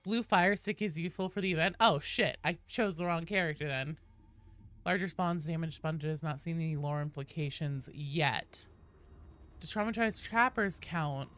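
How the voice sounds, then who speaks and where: A woman streaming a game, chatting casually with viewers, greeting them loudly and swearing freely. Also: sits low, normal speed.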